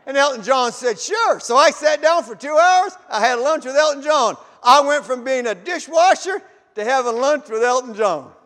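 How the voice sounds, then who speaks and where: A middle-aged man from Canada preaching a sermon, telling a personal story in an animated way that rises to shouts. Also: very high-pitched. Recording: long hall reverb.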